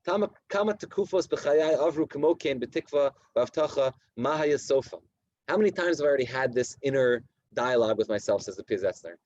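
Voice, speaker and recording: A man in his thirties, a rabbi giving a Torah lecture to his community, reading Hebrew texts slowly and explaining them in animated, repetitive English. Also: mid-range voice, no echo, dull audio. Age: 30s. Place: community study hall at night.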